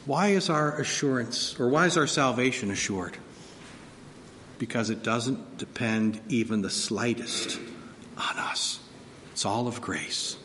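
A man giving a sermon as pastor, preaching dynamically and swinging from soft, slow words to loud emphasis. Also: medium pitch, a little hiss or hum. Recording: long hall reverb, faint ambience.

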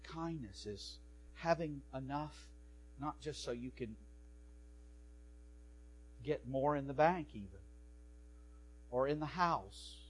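Male preacher, higher voice, animated delivery, faint electrical hum on the recording. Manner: animated preaching, swings from soft to loud. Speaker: pastor and professor. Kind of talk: sermon.

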